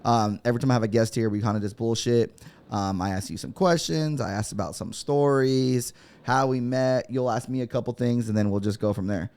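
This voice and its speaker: A man's voice: mid-range voice, fairly quick, darkish tone, clear, resonant tone. A laid-back, joking man, hosting a casual chat in a podcast studio. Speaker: podcast host.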